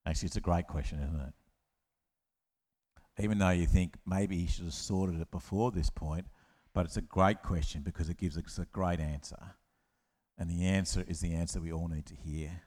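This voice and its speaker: A man preaching a lively children's-talk sermon, telling the story with playful asides and acted-out voices. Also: low voice, moderate pace. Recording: long hall reverb.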